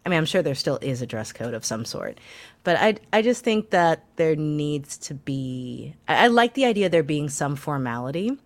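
A woman's voice: sits low, sing-song, moderate pace. A woman co-hosting a casual political talk show, chatty and hesitant, with many fillers and restarts. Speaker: co-host.

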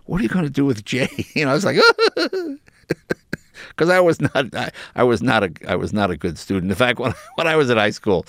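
An older American man telling lively, laughing anecdotes as an interview guest. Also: mid-range voice, normal speed, no echo. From United States. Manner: animated anecdotes, laughing, jumping into voices. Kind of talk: casual storytelling in an interview.

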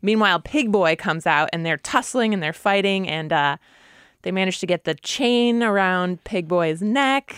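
A woman co-hosting a podcast, recapping a TV episode in casual, animated chat. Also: on the low side, moderate pace, clear, resonant tone, no echo, studio quality. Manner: animated, amused storytelling. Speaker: podcast co-host.

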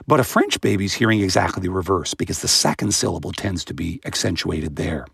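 A man with a low, gravelly voice and a slightly husky edge talks through how babies learn speech, vividly demonstrating sounds as he goes. The recording is close and dry, with no room around him. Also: a little fast, hardly any pauses, no echo. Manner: animated, imitates baby sounds with high-pitched bursts. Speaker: guest expert on voice and language. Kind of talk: explanatory interview answers.

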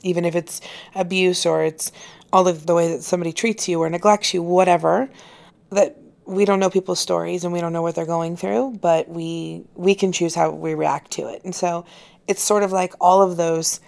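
Woman, interview guest, earnest, heartfelt, gravelly, lowish voice. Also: steady tone, normal speed, a little mellow. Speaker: actress and author, interview guest. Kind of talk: casual interview conversation.

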